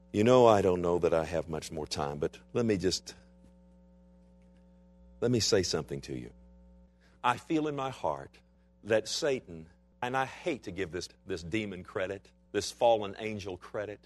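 A man from Texas preaching a sermon to a church, swinging from loud, urgent passages to hushed, intense ones and acting out the voices he quotes. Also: on the low side. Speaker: pastor.

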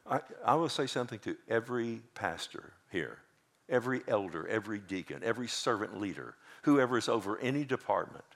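A male pastor preaching a sermon, swinging between loud emphatic bursts and quiet asides, drawing answers from the congregation. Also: fairly low pitch, animated, brisk, vocal fry. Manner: preaching with rising emphatic bursts and call-and-response.

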